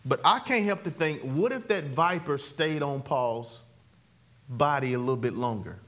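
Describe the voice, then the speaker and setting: A man preaching a lively sermon, calling for the congregation's responses and swinging between high exclamations and low, quiet asides. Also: moderate pace.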